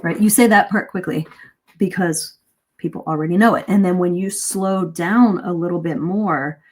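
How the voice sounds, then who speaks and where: A woman teaches spoken English in a live online lesson, lively and demonstrative, posing questions to her listeners. Her voice is fairly low in pitch.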